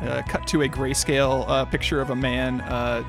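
Podcast co-host, casual chat, deadpan, teasing, dry jokes. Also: mid-range voice, moderate pace, vocal fry, over music.

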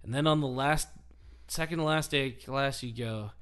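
A man's voice: mid-range voice, normal speed, fairly bright tone, clean tone. A man hosting a podcast, telling a story in casual chat and acting out the quotes. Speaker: podcast host.

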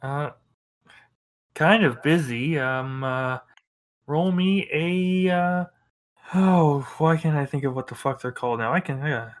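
A man's voice: fairly high pitch, slow pace. A man narrating as game master of a tabletop game, in a loose style full of fillers.

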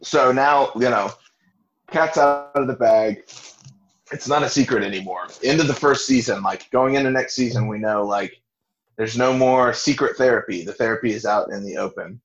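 A man's voice: mid-range voice, moderate pace, highs cut off. A man casually recapping a TV episode in a podcast, swearing freely and acting out quotes. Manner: relaxed, profane, acts out quotes in bursts. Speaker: podcast host. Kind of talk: casual chat recapping a TV show.

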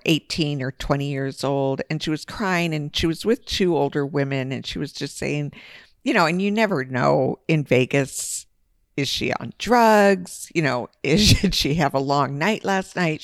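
A woman co-hosting a podcast, telling a personal story in a casual, lively way with big jumps in pitch. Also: moderate pace, no room sound, clean studio sound. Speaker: podcast co-host.

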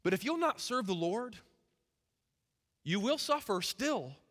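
A man's voice: sits high, very animated, measured pace, a bit bright. A young man preaching a sermon in a church, impassioned, with folksy turns of phrase. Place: church sanctuary. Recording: reverberant hall.

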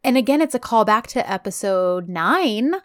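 Woman podcast co-host, casual and chatty, retells scenes with lively quoting. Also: medium pitch, normal speed. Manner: chatty, animated retelling, quotes characters. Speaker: podcast co-host recapping a drama series. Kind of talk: casual chat.

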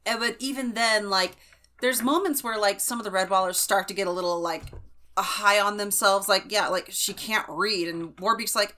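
A woman's voice: medium pitch, steady tone, normal speed, pushed and bright. A woman co-hosting a book podcast, chatting casually and enthusiastically with lots of "like" and restarts. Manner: rambling, filler-heavy, enthusiastic. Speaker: podcast co-host.

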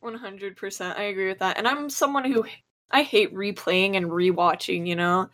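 A woman's voice: medium pitch, steady tone, normal speed, fairly bright tone. A woman guesting on a podcast, chatting casually, rambling with lots of fillers and casual swearing. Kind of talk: casual chat.

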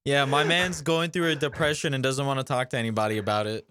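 A man's voice: mid-range voice, fairly even intonation, fast, pushed and bright. A man co-hosting a casual review podcast, joking in a dry way. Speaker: podcast co-host.

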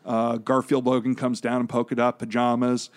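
A man's voice: mid-range voice, monotone, normal speed. Chatty man recapping comics. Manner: explanatory, jokey, long rambling recaps. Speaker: podcast co-host. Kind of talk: casual comic book discussion.

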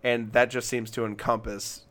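A man's voice: mid-range voice, level tone, moderate pace, fairly bright tone. A young man from Alabama, a podcast co-host in casual music chat, who rambles, reads passages aloud and restarts his sentences often.

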